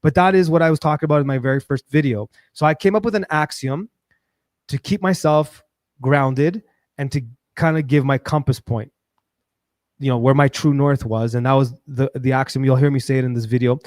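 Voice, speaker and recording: A man hosting a show, talking in a casual, rambling personal monologue with frequent restarts and animated bursts. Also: medium pitch, a little fast, no room sound, studio quality. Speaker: show host.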